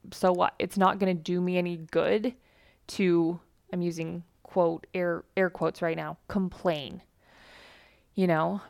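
A woman's voice: on the low side, gravelly, no room sound, clean studio sound. A woman hosting a podcast, telling personal stories to listeners in an earnest, chatty way and voicing the people she quotes. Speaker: podcast host.

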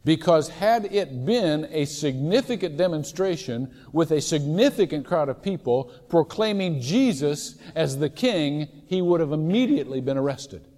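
A male pastor preaches in a relaxed, conversational manner, his pitch swinging widely as he tells stories. His voice sits a bit high for a man. A long church-hall echo trails every phrase. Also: normal speed, hardly any pauses. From Ohio, USA. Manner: conversational storytelling with sudden loud shouted impressions. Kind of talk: sermon. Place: large church sanctuary.

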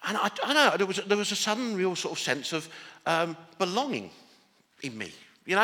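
A man's voice: sits high, lively intonation, brisk, sharp tone, long reverb tail. A man from Northern Ireland with an English accent, preaching a sermon as pastor, earnest, often restarting and building to emphatic declarations.

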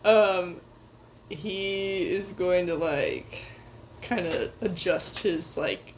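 A woman's voice: fairly low pitch, drawn-out words, poor audio. Chatty, playful woman at a tabletop game, faint background noise. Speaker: player.

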